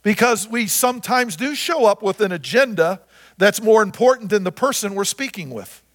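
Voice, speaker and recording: A man preaching a sermon as pastor, repeating phrases and swinging from loud to soft. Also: sits high, lively intonation, normal speed. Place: church sanctuary. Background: guitar music.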